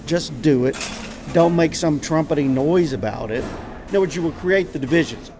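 A former mayor, speaking bluntly and emphatically in a field interview. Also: male voice, fairly high pitch, moderate pace, darkish tone, slight background noise.

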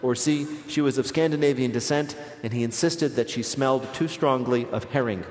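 A man's voice: mid-range voice, moderate pace, very noisy. A man hosting a live comedy quiz show, playful and teasing, often laughing at his own jokes. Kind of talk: joking radio quiz banter. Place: stage before a live audience. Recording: live audience in a reverberant hall.

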